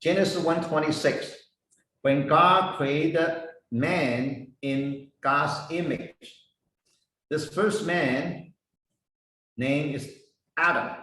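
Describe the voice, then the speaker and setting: A man teaching a Bible lesson, slowly spelling out Hebrew words and their meanings one by one. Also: fairly high pitch, sharp tone, a little hiss or hum. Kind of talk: slow explanatory lesson. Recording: echoey room, voice heard from a distance.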